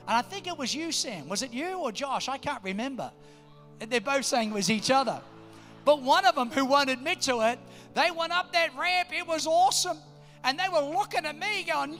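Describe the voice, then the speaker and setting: A man, preaching a sermon, telling family stories and then building to loud exhortations. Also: extremely high pitch. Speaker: pastor.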